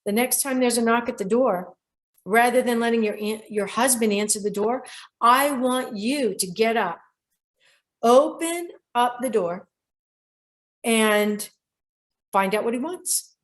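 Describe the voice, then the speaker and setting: A middle-aged woman hosting a show about dreams, telling a client's story in a lively way and quoting people directly. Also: a little high, a little slow, long pauses. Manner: animated storyteller who quotes people directly. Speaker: radio show host and dream interpreter. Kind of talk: storytelling monologue.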